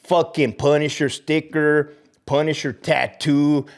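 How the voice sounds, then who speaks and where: He speaks slowly in a fairly high voice with little pitch movement. This middle-aged former corrections officer hosts a livestream, answering chat as he rants about his former job, profane, fired-up and mocking, with Spanish slang thrown in.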